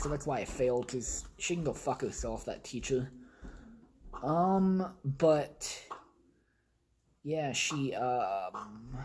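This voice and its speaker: A man's voice: a little high, darkish tone, slight background noise, poor audio. A young man hosting a podcast from his home basement, telling rambling stories casually with blunt, heavy swearing. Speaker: podcast host. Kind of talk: casual storytelling monologue.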